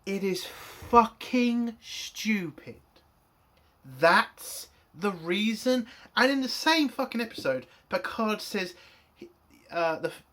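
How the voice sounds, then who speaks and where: A man's voice: sits high, fairly bright tone. A man reviewing a TV episode in an angry, profane rant. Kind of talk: spoken TV review.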